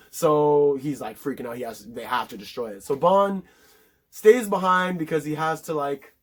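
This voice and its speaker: A man casually recapping a movie in a rambling, profane way, full of filler words. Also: medium pitch. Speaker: film reviewer.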